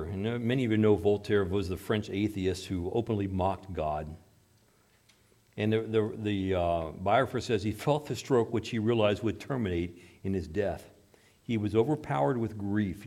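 A man preaching a sermon in a church, with sweeping swings from hushed, low passages to loud, emphatic ones. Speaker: pastor.

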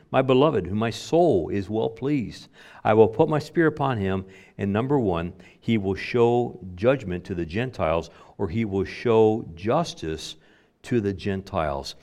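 A man giving a sermon as a pastor, shifting between loud emphatic lines and quiet, low-pitched asides.

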